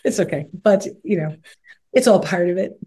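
A candid, animated woman guest on a podcast, talking with plenty of laughter in between. Her voice sits on the lower side for a woman. She sounds middle-aged. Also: moderate pace, breathy edge. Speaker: guest singer. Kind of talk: podcast interview.

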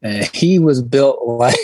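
A man co-hosting a podcast, telling stories and laughing often as he talks. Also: mid-range voice. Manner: laughing storyteller, animated. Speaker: podcast co-host. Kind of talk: casual podcast chat.

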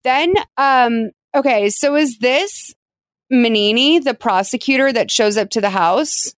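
A woman hosting a podcast in casual chat, talking in a chatty, animated way with lots of fillers. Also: fairly high pitch, measured pace, no echo. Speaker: podcast host.

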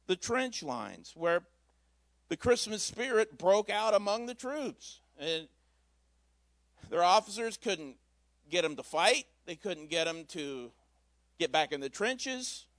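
A man's voice: high voice, a bit bright, dry recording. A man preaching a Christmas Eve sermon in a church, telling a story in a folksy, conversational way with asides. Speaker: pastor.

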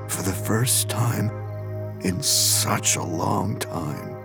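A man narrating a first-person story in a slow, low, menacing way, sometimes dropping to a whisper. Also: vocal fry, music in the background. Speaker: audiobook narrator.

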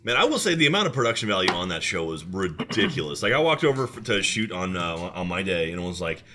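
Man, animated, fast, bright forceful tone, casual podcast chat. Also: low-pitched, a little hiss or hum. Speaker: podcast co-host.

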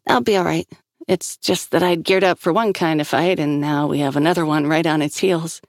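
A woman voicing a sharp, teasing young woman who is fond of him but impatient. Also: low-pitched, fairly even intonation, moderate pace, dry recording, clean studio sound.

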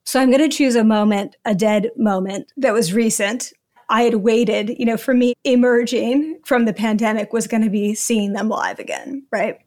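A woman's voice: fairly high pitch, fairly even intonation, moderate pace, a little mellow. A woman guest in an interview, talking enthusiastically and a little rambling, often laughing between thoughts. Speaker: podcast guest. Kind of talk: conversational interview.

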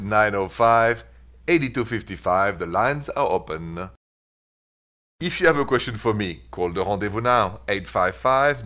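On his call-in dating advice radio show, a middle-aged man from France keeps things lively and chatty, speaking with a French accent and slipping in French phrases. His voice sits on the low side.

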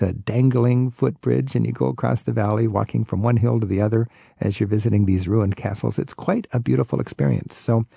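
A man's voice: medium pitch, gravelly, dark tone, slightly rough, no echo. A man hosting a call-in travel radio show, giving friendly, informative advice and chuckling along with callers.

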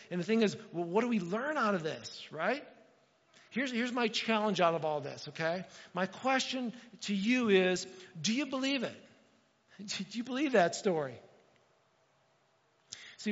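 A middle-aged man preaching a sermon as pastor of a church, with sudden loud bursts and dramatic quoted voices. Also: sits high. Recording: dull, reverberant church hall.

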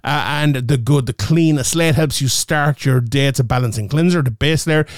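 A man's voice: medium pitch, normal speed, no room sound, studio quality. A male podcast host reading ads in a casual, joking, rambling way, often correcting himself. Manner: rambling, jokey, self-correcting. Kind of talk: casual chat and ad reads.

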